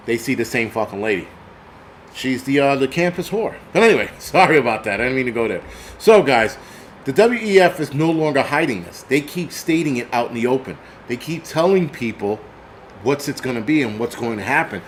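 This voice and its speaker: A man's voice: mid-range voice, slight background noise. A man hosting his own channel, ranting angrily and swearing through a casual monologue. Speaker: channel host. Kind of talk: profane rant vlog.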